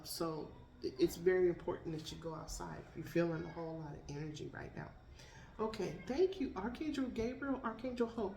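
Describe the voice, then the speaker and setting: A chatty woman lays out cards in a casual tarot reading. Her voice sits a little low. The room is echoey, with a faint hiss behind her. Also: a little mellow. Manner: chatty, talks to her pets between cards. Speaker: tarot reader. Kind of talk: casual spiritual card reading.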